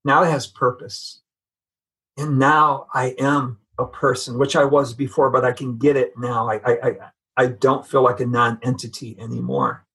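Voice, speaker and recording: A middle-aged man with a husky, slightly breathy voice shares a personal faith testimony. He speaks earnestly and conversationally at a medium pitch. He often halts and repeats words as he searches for the right phrase. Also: expressive, fairly bright tone. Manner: earnest, halting with frequent restarts. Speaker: guest sharing testimony.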